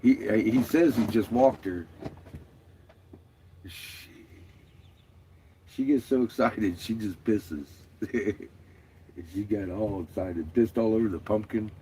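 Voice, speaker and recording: A man's voice: fairly low pitch, takes it slowly, long pauses, mellow, a little hiss or hum. A man chatting casually in a vlog, laughing often and swearing freely. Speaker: vlogger. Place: out and about, doing laundry.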